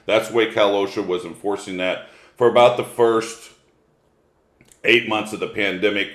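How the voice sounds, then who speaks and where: Folksy low-voiced man presenting. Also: steady tone, moderate pace, fairly bright tone. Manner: folksy, joking storyteller. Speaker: webinar presenter. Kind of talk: casual webinar lecture. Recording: echoey room.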